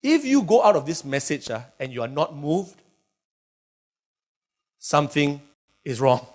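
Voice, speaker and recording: A man's voice: fairly high pitch, very animated, measured pace. A middle-aged male pastor preaches animatedly, with emphatic bursts and playful asides. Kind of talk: sermon.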